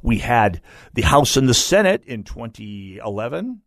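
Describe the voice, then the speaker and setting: A Minnesota-man delivers a political talk radio monologue, his pitch leaping up on points he stresses. He often stumbles and restarts mid-sentence. The studio sound is dry and close. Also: normal speed, no room sound. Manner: animated, emphatic, frequent restarts. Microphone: studio microphone.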